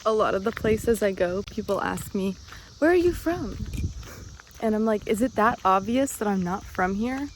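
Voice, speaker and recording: A chatty, upbeat young woman talks into a phone camera on a road trip, loose and conversational, with a habit of saying y'all. Her voice sits at a middling pitch for a woman. A constant hiss of car and outdoor noise runs under the recording. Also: expressive, moderate pace. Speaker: van-life vlogger. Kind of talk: casual travel vlog. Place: in and around a minivan on a road trip.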